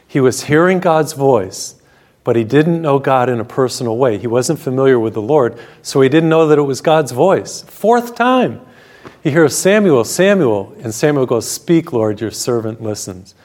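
A priest preaching on his television program. His voice sits at a middling pitch for a man, and he tells Bible stories in a warm, storytelling way, slowing down when he reads scripture. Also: lively intonation. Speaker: Catholic priest and TV program host. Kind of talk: televised sermon.

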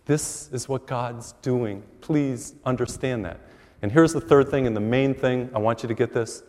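A middle-aged man, a priest, preaching a sermon with animated storytelling. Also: medium pitch, normal speed. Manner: animated storytelling with acted quotes. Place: large church. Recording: long church reverb.

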